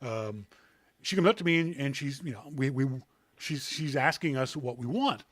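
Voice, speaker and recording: A man's voice: mid-range voice, normal speed, no room sound. A Canadian man hosting a podcast, telling stories in a casual chat and laughing often. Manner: animated storyteller, laughs often. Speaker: podcast host.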